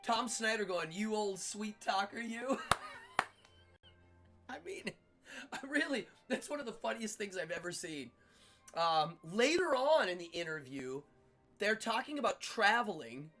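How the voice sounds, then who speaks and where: A middle-aged man hosting a livestream, telling stories in a casual, animated way with frequent laughter. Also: high voice, unhurried, soft background music. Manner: animated, laughs often, acts out quotes. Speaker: livestream host. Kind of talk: casual storytelling chat.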